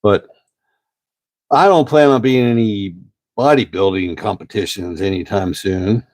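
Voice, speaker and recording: Host in his fifties, folksy and rambling, low voice, dry close sound. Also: dry recording. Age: 50s. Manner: rambling, folksy, drawn-out pauses. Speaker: host answering live chat questions. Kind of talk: casual live-stream chat.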